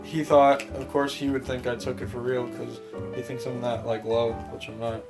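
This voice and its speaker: A man's voice: medium pitch, flat delivery, normal speed, over music. A young man telling a rambling story to friends on a podcast, laughing often and filling his speech with "like". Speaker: podcast co-host. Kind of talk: casual storytelling among friends.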